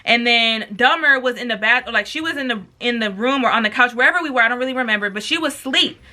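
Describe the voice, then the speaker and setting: A young woman tells a wild story to her camera. She talks in a loose, slangy, swearing way and acts out the quotes. Her voice sits high, with a very bright, sharp edge. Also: fast talker. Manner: animated, profane, slangy storytelling with acted quotes. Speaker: vlogger. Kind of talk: storytime with mukbang.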